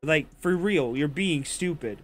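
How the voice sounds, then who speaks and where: A man's voice: fairly high pitch, expressive, unhurried, soft background music. Angry, profane man arguing politics. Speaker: debate participant. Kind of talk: heated political argument.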